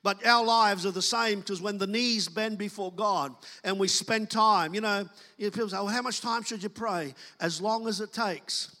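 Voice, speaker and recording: A man's voice: high-pitched, normal speed, hardly any pauses, pushed and bright, big-room sound. A man preaching a sermon as pastor, talking to the congregation in a loose, conversational way and acting out quoted voices.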